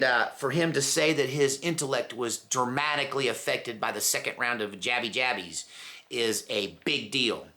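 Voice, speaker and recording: A man's voice: medium pitch, bright, forceful tone. A middle-aged man hosting his own channel, telling stories in a casual rambling way and mimicking voices as he goes. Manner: storytelling, mimics voices, laughs at own jokes. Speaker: commentary channel host.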